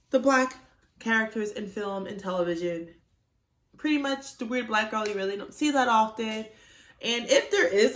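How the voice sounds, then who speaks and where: A young woman vlogging at home to her phone camera, candid and chatty with exasperated asides. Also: on the high side. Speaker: YouTuber. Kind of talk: casual vlog talk to camera. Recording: echoey room.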